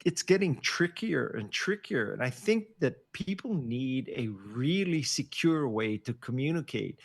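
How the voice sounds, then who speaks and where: A man over sixty, a podcast guest on a video call, chatting casually as an animated, joking storyteller. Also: mid-range voice, vocal fry, slightly rough. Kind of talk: casual interview chat. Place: home office on a video call.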